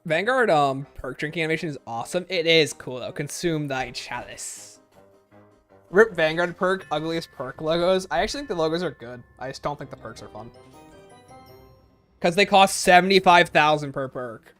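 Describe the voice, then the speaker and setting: A man chatting casually on a gaming livestream, answering viewer comments and reeling off long lists in quick succession. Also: expressive, fairly bright tone, faint music behind. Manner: rapid-fire listing, sliding up and down in pitch.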